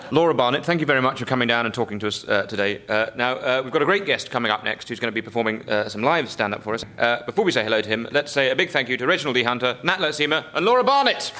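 A man's voice: mid-range voice, rapid-fire, few pauses, sharp tone. A man hosting a comedy podcast on a theatre stage, teasing his guests dryly with stammering restarts. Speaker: host. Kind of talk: comic panel chat.

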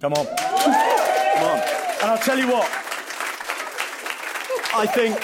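Lively, high-voiced teasing male host. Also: takes it slowly, a loud crowd. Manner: playful, teasing. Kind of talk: live comedy show hosting. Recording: live audience with background noise. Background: audience.

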